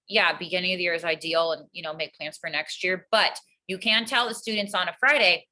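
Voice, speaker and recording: Earnest woman teacher, bright voice. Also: on the low side, a little fast, poor audio. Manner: earnest, calm, explanatory. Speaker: teacher, guest. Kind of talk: casual interview answer.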